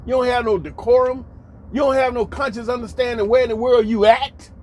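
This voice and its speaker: An American commentary host delivers a monologue in a very high, slightly mellow voice, fairly quick and with fairly even intonation. He is emphatic and preachy, repeating lines for effect and adding mocking asides.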